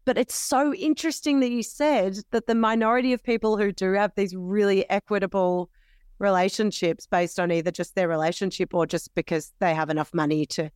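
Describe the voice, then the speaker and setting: Smooth-voiced Australian woman, dry podcast chat. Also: medium pitch, steady tone, brisk, a little mellow, dry recording. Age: young adult. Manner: chatty, laughs easily, thinks aloud. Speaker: podcast co-host.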